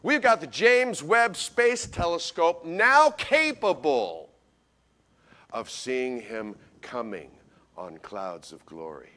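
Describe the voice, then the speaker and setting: Animated folksy pastor, a man preaching. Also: on the high side, slow. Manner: animated storyteller, swings from loud to hushed; folksy, addresses congregation directly. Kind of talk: Christmas sermon.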